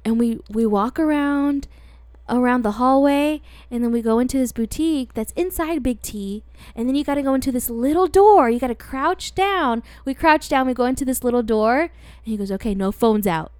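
A woman in her twenties co-hosting a casual chat, telling stories in an animated way and laughing often. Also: sits high, moderate pace, no echo. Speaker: podcast co-host.

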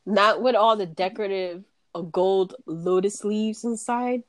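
A woman's voice: mid-range voice, a little slow, no room sound. A woman co-hosting a podcast, telling a story in casual chat, acting out quotes, swearing and laughing often. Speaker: podcast co-host.

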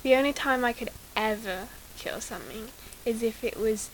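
A giggly woman chats as a podcast guest and rambles through her thoughts. Her voice sits a little high. A faint hiss runs underneath. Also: normal speed, low-quality recording. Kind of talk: casual chat.

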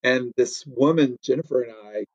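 A man's voice: mid-range voice, normal speed, breathy edge, dry recording, highs cut off. A man co-hosting a casual chat, rambling with many fillers and frequent laughter. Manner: laughs often, loose filler-heavy talk. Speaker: podcast co-host.

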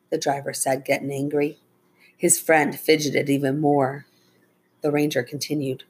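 A woman with a low, husky voice reads a children's adventure story aloud. Her narration is plain and even, with a steady storybook pace. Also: normal speed.

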